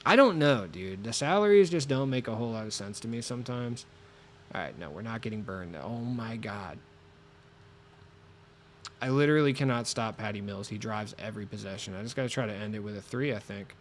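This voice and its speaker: A man streaming a basketball video game, chatting casually and excitably with viewers, cursing as he plays, with a voice a little lower than usual from being sick. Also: fairly quick, slight background noise. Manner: swearing, excitable, talks to chat while playing. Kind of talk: casual gaming stream chat.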